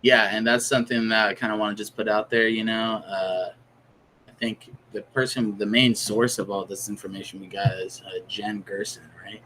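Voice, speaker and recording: A man co-hosts a podcast, chatting casually and rambling with lots of fillers. His voice is on the low side and sharp in tone, with fairly even intonation at a moderate pace. The recording is low quality, with a little hiss or hum.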